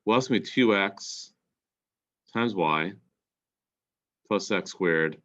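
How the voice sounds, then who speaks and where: Low-voiced congested math teacher. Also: male voice, a bit bright, dull audio. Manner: deliberate, step-by-step explaining. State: congested, clearing throat. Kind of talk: recorded calculus lesson.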